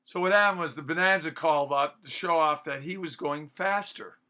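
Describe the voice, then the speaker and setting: Bright-voiced teacher explaining to class. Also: male voice, on the high side, normal speed. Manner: casual, explains and paraphrases.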